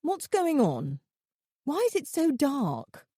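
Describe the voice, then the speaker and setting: Woman doing a confused woman visitor, anxious questions, raised pitch, mellow tone, dry sound. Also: wildly swooping pitch, takes it slowly, dry recording, heavily acted. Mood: uneasy.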